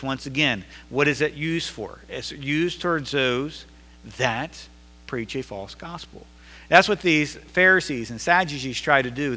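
A man preaching a sermon as pastor in a church, emphatic, building to loud insistent repetition. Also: medium pitch. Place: church sanctuary. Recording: long reverb of a large hall.

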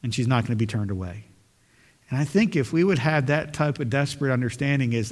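A man's voice: mid-range voice, lively intonation, fairly quick, a little mellow. Earnest male preacher in echoing hall. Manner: earnest, pleading, rising to emphatic questions. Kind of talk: sermon.

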